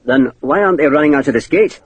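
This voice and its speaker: A man's voice: a little high, animated, fast talker, breathy edge, rough recording. A man voicing a wary officer who respectfully questions his commander. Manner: deferential, wary. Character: cautious male officer, respectful aide.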